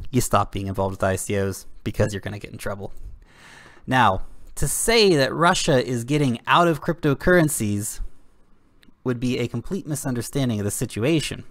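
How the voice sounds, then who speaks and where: A man's voice: medium pitch, fairly bright tone, no echo. A young adult man hosting a video channel, delivering an indignant, sarcastic rant to camera in blunt, slangy words. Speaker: crypto video host. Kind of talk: ranting commentary to camera.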